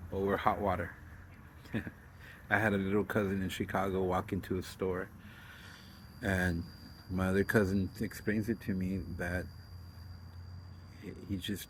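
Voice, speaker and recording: Blunt, low-voiced middle-aged man rambling. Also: fairly bright tone, slight background noise, poor audio. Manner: blunt and profane, trailing off and restarting. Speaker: host of a self interview. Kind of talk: casual rambling storytelling.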